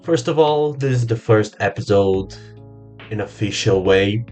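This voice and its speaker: A young Brazilian man hosting his own podcast in English as a second language, halting and repeating words, swearing casually. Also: lowish voice, a little mellow, faint music behind. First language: Portuguese. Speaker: podcast host. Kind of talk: casual solo podcast monologue.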